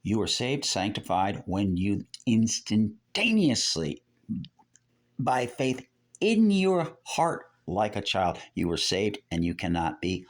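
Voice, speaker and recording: An older man giving rambling religious teaching. He repeats phrases and keeps correcting himself. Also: sits low.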